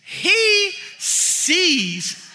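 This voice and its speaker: A young man preaching a sermon, telling a story with animated energy and bursts of shouting as he acts out others. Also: extremely high pitch, drawn-out words. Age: young adult. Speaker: pastor.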